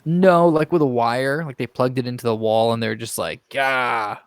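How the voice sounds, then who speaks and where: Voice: medium pitch, moderate pace, a little mellow, dry recording, studio quality. Casual hesitant tabletop player. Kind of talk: playing a tabletop game.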